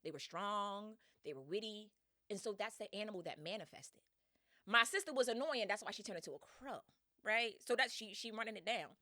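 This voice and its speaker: A woman's voice: mid-range voice, normal speed, no echo, studio quality. A woman hosting a podcast, retelling a story in casual slang with lots of energy and laughs. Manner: slangy, animated, laughs often. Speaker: podcast host.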